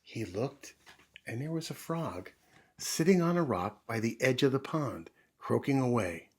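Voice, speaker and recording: A man reading a children's picture book aloud in a gentle storytime manner, pausing to explain things to young listeners. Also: mid-range voice, expressive, husky.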